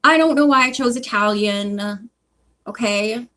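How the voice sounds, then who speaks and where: A woman's voice: fairly high pitch, a little slow, pushed and bright, poor audio. A woman reading a book aloud and chatting in between, rambling and interrupting herself, recorded on a phone in a hot room. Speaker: reader.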